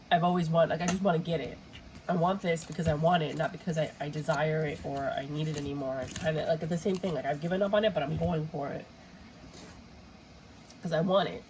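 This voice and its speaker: A woman's voice: sits low, darkish tone, a little hiss or hum, low-quality recording. A woman giving a casual, rambling tarot reading with a stuffy, runny nose, sometimes throwing in Spanish exclamations. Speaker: tarot reader.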